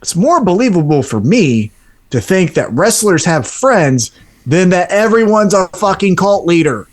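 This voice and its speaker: A man's voice: high-pitched, very animated, measured pace. A man co-hosting a podcast, giving his opinions in casual chat with fillers and hesitations. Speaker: podcast co-host.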